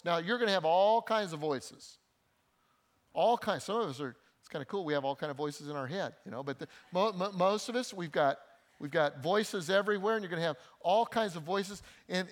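A man preaching a sermon in a voice pitched a little higher than most men's. He leans on repetition, saying key lines twice, and swings between hushed passages and raised, urgent ones. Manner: repeats key phrases for emphasis. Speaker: pastor.

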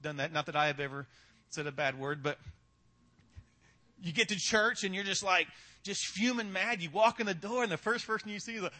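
A man's voice: high voice, fairly quick, sharp tone. A male pastor preaching a sermon in a casual, conversational way, tossing in rhetorical questions and humor.

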